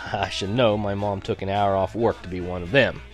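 A man's voice: lowish voice, steady tone, normal speed, soft background music. A man narrating a teen story as an audiobook, in a wry, sarcastic tone that breaks into laughs.

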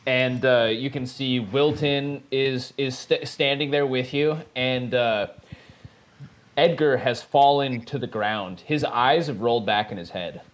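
A man's voice: medium pitch, unhurried. A man narrating as game master of a tabletop role-playing game, in a casual, rambling way with swearing.

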